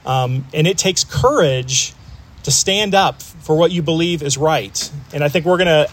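A man's voice: a little high, measured pace. A man preaching a sermon to a congregation in a conversational way, with frequent fillers and restarts. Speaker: pastor.

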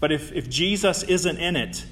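A man delivers a sermon in an easygoing, talky way, often pausing on "um" and restarting his phrases. His voice sits a little high for a man. Now and then he slips in a light, joking aside. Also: a bit bright. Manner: conversational, with filler ums and self-corrections. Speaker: preacher.

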